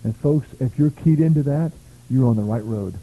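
Through tinny, phone-like lo-fi audio, an American preacher at a revival tells stories with emphasis and bursts of praise. He speaks at a normal speed in a husky, medium-pitched voice.

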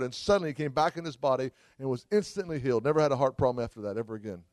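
A man's voice: mid-range voice, very fast, few pauses, a little mellow, dry recording. A man preaching a sermon at a church service, fervent, with frequent cries of hallelujah. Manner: fervent, exclaims hallelujah often. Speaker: traveling preacher.

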